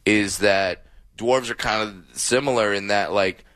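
A man's voice: on the low side, a little slow, fairly bright tone, smooth, dry recording. A man, a comedian, chatting as a guest in an interview, telling stories with lots of restarts. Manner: rambling storyteller, many restarts and laughs. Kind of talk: casual interview chat.

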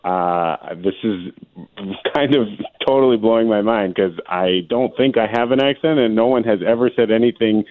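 Young male caller, lower voice, bemused, phone-line sound. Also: moderate pace. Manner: bemused, mildly defensive. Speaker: caller on a radio show. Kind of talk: phone call to a radio show.

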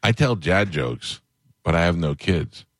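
A man's voice: expressive, a little slow, fairly bright tone, dry recording. A man hosting a radio show, trading jokes in casual studio banter and breaking into giggles. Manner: laughing, swooping into high giggles.

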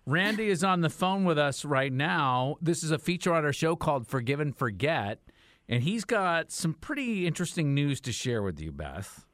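A man's voice: on the high side, big pitch swings, normal speed, fairly bright tone, no room sound. A man hosting a morning radio show, talking in a playful, teasing way into a studio mic. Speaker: radio host.

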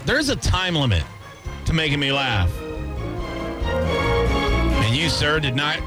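Man, radio host, high voice, very animated pitch, loud music behind, laughs a lot. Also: unhurried. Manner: laughs often, exclaims loudly. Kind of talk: lively radio game show hosting.

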